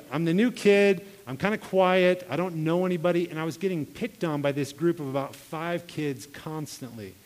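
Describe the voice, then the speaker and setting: A man preaching a sermon, telling personal stories in an earnest way and acting out the voices he quotes. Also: on the high side. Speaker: pastor. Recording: long hall reverb.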